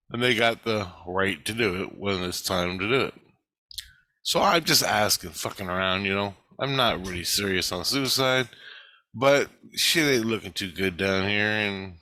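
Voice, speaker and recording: A man's voice: on the low side, unhurried, sharp tone, no room sound. A middle-aged man rambling through a blunt, profane personal monologue about his spiritual life. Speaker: spiritual vlogger.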